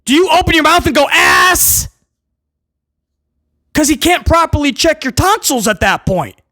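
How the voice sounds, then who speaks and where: A man giving a blunt, sarcastic, exasperated solo review, breaking into loud comic outbursts to mock what he saw. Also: very high voice, very animated, fairly quick, dry recording, clean studio sound. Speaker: wrestling show reviewer.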